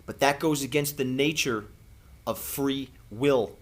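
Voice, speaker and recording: This is a man vlogging a heartfelt, preachy spiritual monologue to the camera, punctuated by long dramatic pauses. His voice is in the middle range.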